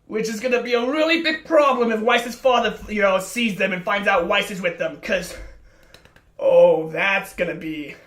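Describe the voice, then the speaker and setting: A man giving excited, breathless reaction commentary on a show, gushing and swearing with stammered restarts. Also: sits high, normal speed. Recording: roomy room, faint music behind.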